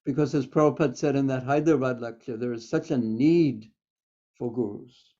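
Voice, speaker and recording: The lecture recording is lo-fi and dull, capturing a man whose mid-range voice is warm and steady at a normal speed. He's teaching scripture, weaving in stories and quoted verses with occasional fillers.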